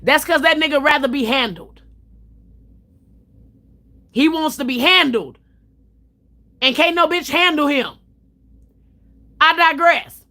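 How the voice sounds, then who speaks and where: High, bright-voiced woman talking bluntly. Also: slow pace, pauses often. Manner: blunt, profane, storytelling. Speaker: livestream host. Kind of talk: casual chat on a livestream.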